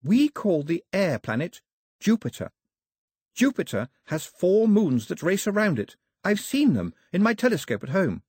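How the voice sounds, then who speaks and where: A clever, eager young girl who talks up in a higher, lively voice, earnest and excited as she explains, as a male audiobook narrator puts her on. The voice is a little husky and sits dry and close, with no room around it. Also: normal speed, no room sound, heavily acted. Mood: eager explaining.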